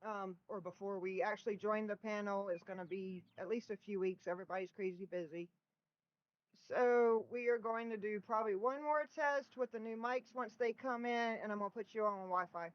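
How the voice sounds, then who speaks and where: A woman's voice: medium pitch, normal speed, muffled recording. A middle-aged woman hosting a casual live stream from home, chatting with viewers and often breaking into laughter, recorded on a laptop mic. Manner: giggly, bursts of laughter. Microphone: built-in laptop microphone.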